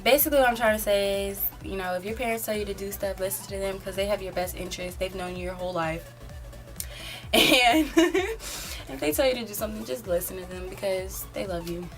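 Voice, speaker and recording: A woman's voice: medium pitch, fairly quick, soft background music. An eighteen-year-old woman telling a story in a casual, rambling way, filling it with "like" and "um". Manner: rambling, filler-heavy, often says "like". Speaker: vlogger.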